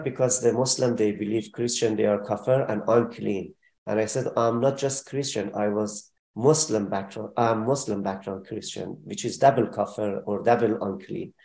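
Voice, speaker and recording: Guy telling his story slow and halting, lots of uhs, warm low tone, echoey room. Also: gravelly. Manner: halting speech with many fillers and restarts. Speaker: guest describing relief work. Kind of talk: emotional personal testimony. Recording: roomy echo.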